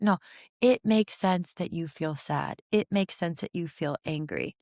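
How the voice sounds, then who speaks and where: A woman in her forties, a therapist talking as a podcast guest, explaining with animated energy and frequent restarts. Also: lowish voice, measured pace, no room sound, clean studio sound. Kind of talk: podcast interview conversation.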